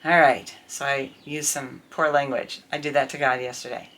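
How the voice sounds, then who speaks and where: A middle-aged woman talking candidly to camera in a casual vlog, telling an indignant, animated story about her life. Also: rumbling low, moderate pace. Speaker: vlogger.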